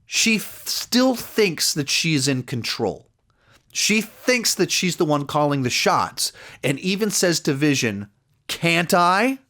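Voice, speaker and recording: A man's voice: fairly high pitch, big pitch swings, takes it slowly, a bit bright. Chatty man recapping a TV episode. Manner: rambling recap full of "like" and "you know", acting out quoted lines. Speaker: TV series reviewer. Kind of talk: casual spoken episode review.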